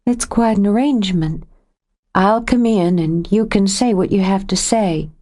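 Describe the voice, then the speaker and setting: A woman voicing a hurt young woman who confronts her lover in a sharp, raised, accusing voice in an audiobook. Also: medium pitch, a little slow, lightly acted. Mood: hurt, angry. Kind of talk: audiobook character voice.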